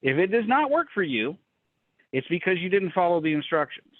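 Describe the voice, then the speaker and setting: A middle-aged man hosting a business mastermind video call, coaching in a fast, emphatic rant that repeats words and acts out dialogue. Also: sits high, sing-song, no room sound. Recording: dry, phone-like call audio.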